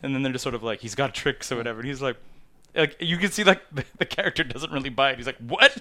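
Laughing, animated man in casual chat. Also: medium pitch, fast talker, dry recording. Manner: animated, laughs often, acts out movie dialogue in bursts.

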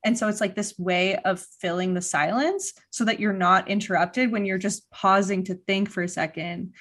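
A woman hosts a casual podcast conversation. She talks in a chatty, loose way, laughing often and dropping quick, joking asides between her points. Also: medium pitch, fairly even intonation, fairly bright tone. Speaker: podcast host. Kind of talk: casual interview chat.

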